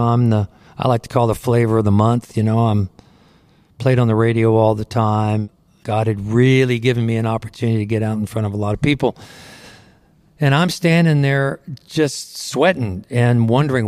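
A middle-aged man tells his story of faith with an earnest, conversational tone. His voice sits at an ordinary pitch for a man. The studio sound is dry and close, with no room echo. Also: darkish tone, smooth. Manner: earnest, conversational, frequent you know. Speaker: Christian singer telling his testimony. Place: recording studio. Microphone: close studio microphone.

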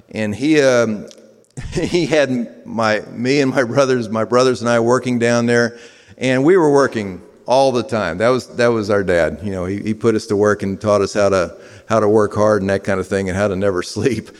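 A man's voice: lowish voice, measured pace. A man from the American South preaching a sermon to a room of listeners, conversational and full of fillers and restarts. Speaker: pastor. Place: large room with a live audience. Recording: long reverb of a hall.

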